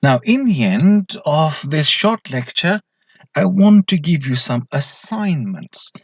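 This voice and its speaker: Slow, husky male lecturer. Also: fairly high pitch, sing-song, no room sound. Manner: slow, deliberate, poses questions then answers them. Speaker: English lecturer. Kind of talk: recorded slide lecture.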